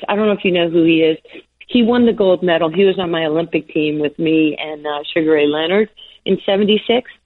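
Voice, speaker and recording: A woman in her sixties from New York, a former basketball player, telling stories in an interview, laughing often and acting out the voices of the people she quotes. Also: fairly low pitch. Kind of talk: storytelling interview. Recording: tinny phone-line sound.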